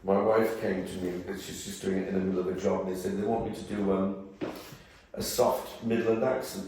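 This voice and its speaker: Older man, Birmingham accent, rambling guest speaker; low voice, distant mic, big reverberant hall. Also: level tone, a little fast, dark tone, a little hiss or hum. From England. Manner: rambling, jokey, casually swearing. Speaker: guest actor. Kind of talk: anecdotal talk and Q&A. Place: event room before a live audience.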